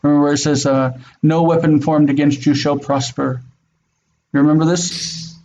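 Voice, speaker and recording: A man's voice: on the high side, little pitch movement, normal speed, a little mellow, slight background noise, rough recording. A man teaching a Hebrew class, patiently drilling pronunciation and repeating words. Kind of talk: slow online class teaching.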